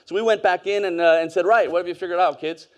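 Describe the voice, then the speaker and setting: A man's voice: sits high, steady tone, fast talker. A man gives a casual, anecdote-driven conference talk on stage, full of fillers and asides. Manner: conversational, storytelling, with fillers and laughs. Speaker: conference speaker.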